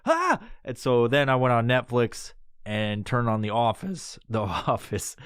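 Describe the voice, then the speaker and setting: In a laid-back podcast chat, a man in his thirties spins a wandering, expletive-filled tale, jumping into loud, high-pitched impressions of the people he quotes. It's studio quality, with no room sound.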